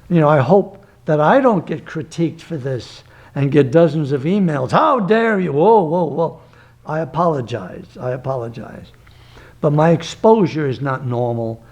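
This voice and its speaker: An older man, a martial arts grandmaster, talking emphatically and digressively in an interview, with breathy gasps between phrases. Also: on the high side, a little mellow. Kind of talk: reflective interview talk.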